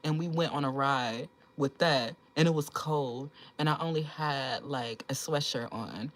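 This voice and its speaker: A woman's voice: rumbling low, a little slow, poor audio. A young woman hosting a casual livestream, chatting with viewers in a blunt, profane, joking way and laughing often. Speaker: livestream host.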